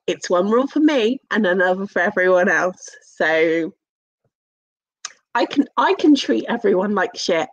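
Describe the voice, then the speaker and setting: A woman's voice: mid-range voice, no room sound, muffled recording. A young English woman chatting casually with her live-stream viewers, teasing and swearing, with lots of fillers.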